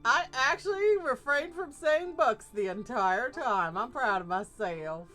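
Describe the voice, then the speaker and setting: A woman streamer chats casually with her viewers while she plays, laughing often and answering their messages. She talks in an unhurried, drawn-out way, with a voice a little higher than most women's. Quiet music plays faintly in the background. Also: animated. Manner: chatty, laughs often, reacts to chat. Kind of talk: casual live-stream chat while gaming.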